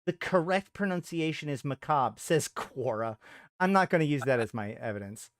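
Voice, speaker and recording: A man's voice: on the high side, lively intonation, normal speed, no echo, studio quality. A man hosting a live stream, thinking aloud in a casual chat with frequent trailing off and restarts. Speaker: streamer host.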